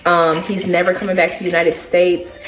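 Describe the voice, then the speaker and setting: A young woman vlogger telling a personal story in a casual, animated way. She keeps addressing her listeners directly. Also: on the low side, a little fast. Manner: acts out other people's words as she tells it.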